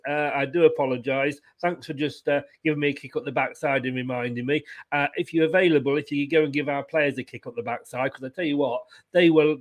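A man hosting a fan post-match review, blunt and frustrated, swearing about his team's loss. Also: a little high. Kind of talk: casual chat.

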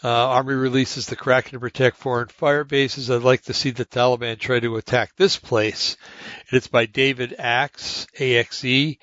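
A man's voice: medium pitch, little pitch movement, normal speed, a bit bright, no echo, dull audio. A man hosting a podcast, talking in a rambling casual monologue full of fillers and restarts as he reads articles aloud. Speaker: podcast host.

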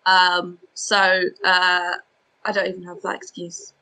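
Bright-voiced Scottish woman with light accent. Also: on the low side, level tone, measured pace, rough recording. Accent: light Edinburgh Scottish. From Scotland, Edinburgh. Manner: chatty, self-deprecating, many restarts. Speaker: comedian guest. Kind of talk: casual podcast chat.

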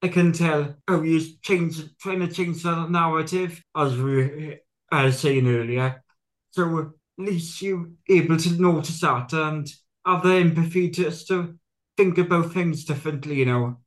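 Man, slightly high voice, halting, host. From Great Britain. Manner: halting, searching for words, keeps saying "as I say". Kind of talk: casual conversation.

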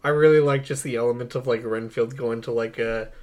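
A man's voice: medium pitch, steady tone, a little fast, darkish tone, a little hiss or hum. A young man co-hosting a podcast, chatting casually and enthusiastically about a movie, rambling and laughing often. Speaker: podcast co-host. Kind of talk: casual movie review chat.

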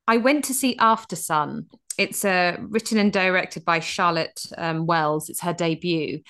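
A woman in her thirties co-hosting a casual radio chat, reviewing a film with animated, restart-filled storytelling. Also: lowish voice, a little slow. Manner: chatty, animated, many restarts. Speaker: radio co-host.

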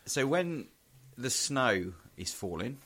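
A man's voice: medium pitch, sing-song, takes it slowly, a bit bright. A man co-hosting a podcast in sweary, rambling casual chat. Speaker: podcast co-host.

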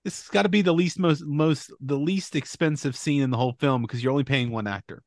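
A man's voice: fairly high pitch, quick pace, no echo, clean studio sound. A man co-hosting a podcast, explaining film details in casual chat. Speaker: podcast co-host.

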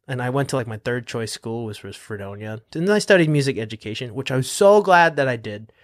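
A man's voice: medium pitch, expressive, normal speed, no room sound. Chatty man in a dry close recording. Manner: chatty, laughs often, heavy use of "like". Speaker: podcast guest, beatboxer. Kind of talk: casual interview chat.

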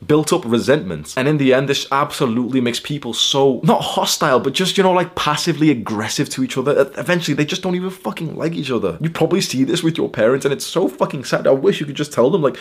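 A man's voice: medium pitch, expressive, fast, few pauses, slightly rough. A man hosting a motivational podcast, talking bluntly and profanely straight to the listener. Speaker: podcast host. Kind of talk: motivational book-summary podcast monologue.

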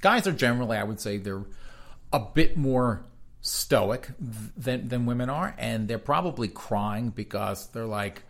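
Speaking at normal speed in a mid-range voice, this man hosts a talk show where he reads headlines in a flat newscaster tone. Between read-outs he drops sarcastic, mocking remarks, keeping the commentary casual.

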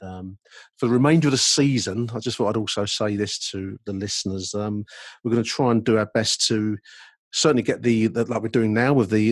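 A man co-hosting a podcast, talking in a halting, rambling way with many restarts. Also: on the low side, no echo, clean studio sound. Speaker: podcast co-host. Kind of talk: casual chat.

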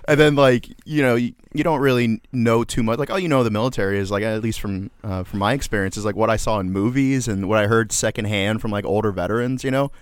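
A man's voice: fairly low pitch, fairly even intonation, fast talker, hardly any pauses, clear, resonant tone, no echo. A man hosting a podcast, joking crudely and playfully in casual banter. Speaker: podcast host.

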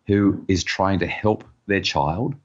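A man's voice: deep voice, slow, lo-fi sound. A middle-aged man giving earnest advice as a parenting expert in a podcast interview, often repeating words as he starts a sentence.

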